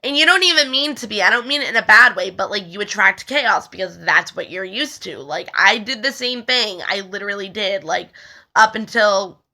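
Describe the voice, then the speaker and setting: Young woman, gravelly, bright, rambling, stumbles over words. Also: medium pitch, lively intonation, normal speed. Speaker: spiritual healing video host. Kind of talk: casual talk reading aloud from a text.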